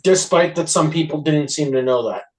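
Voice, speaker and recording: Man, podcast co-host, high-pitched, casual chat, measured and thoughtful. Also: rough recording. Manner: measured, thoughtful commentary with short agreements.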